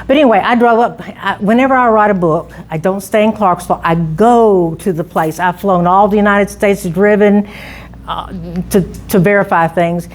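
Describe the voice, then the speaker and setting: A woman's voice: medium pitch, normal speed. A middle-aged woman giving an informal public talk on local history, chatty and full of restarts and asides.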